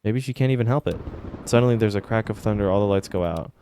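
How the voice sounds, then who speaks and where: A man's voice: lowish voice, quick pace, dark tone, slight background noise. A man playing a video game on stream, reading its narration aloud and tossing in casual, sometimes profane reactions. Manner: swears casually, mutters reactions between read-aloud narration. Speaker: gaming streamer. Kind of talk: casual let's-play commentary and reading game text aloud.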